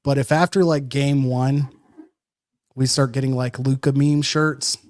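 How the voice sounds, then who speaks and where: A man in casual sports talk, rambling through jokes and asides, stacking filler words. His voice sits at an ordinary middle pitch. The talk is loose and conversational. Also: little pitch movement, unhurried, darkish tone. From Madison, Wisconsin. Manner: rambling, jokey, many fillers. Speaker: podcast co-host.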